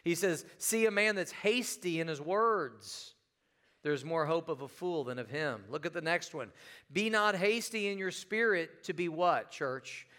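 A man's voice: a little high, a little slow, sharp tone. A middle-aged man preaching a sermon in church, telling a funny story and putting questions to the congregation. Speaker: pastor. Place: church sanctuary.

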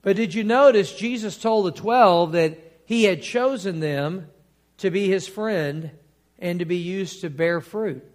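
A man preaching a sermon as pastor, quoting scripture and building to emphatic, drawn-out points. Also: high-pitched. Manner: preaching with rising emphatic bursts and drawn-out key words; quotes scripture in old King James wording.

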